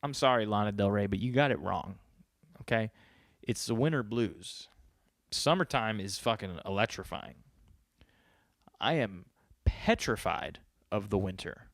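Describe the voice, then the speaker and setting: A man's voice: on the low side, expressive, a little slow, creaky, pauses often, dry recording, studio quality. A man from New York hosting a podcast, talking in a rambling, profane, joking casual monologue. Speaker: podcast host.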